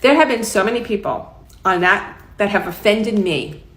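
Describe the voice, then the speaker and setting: A middle-aged woman with a New York accent rambles through a personal story, chatty and emphatic. Her voice sits at an ordinary middle pitch. The recording is roomy and echoey. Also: normal speed, fairly bright tone. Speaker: vlogger. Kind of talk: casual storytelling to camera. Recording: roomy echo.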